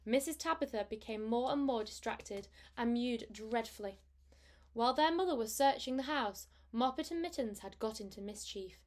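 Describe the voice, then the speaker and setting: A woman teacher reads a storybook aloud to her pupils, gentle and unhurried. Her voice sits a bit high for a woman. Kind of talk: reading a storybook aloud to a class.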